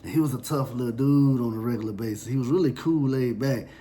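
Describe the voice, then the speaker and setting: A man telling a personal story in a somber, reflective, halting way. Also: medium pitch, dark tone, a little hiss or hum.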